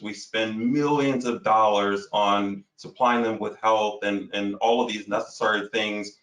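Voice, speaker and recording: A man's voice: fairly low pitch, fairly bright tone. A man speaking earnestly as a guest on a discussion panel, searching for words with many restarts and fillers. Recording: roomy, distant from the mic.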